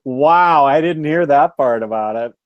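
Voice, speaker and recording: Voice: medium pitch, measured pace, muffled recording. A podcast co-host in casual chat who asks questions and laughs along.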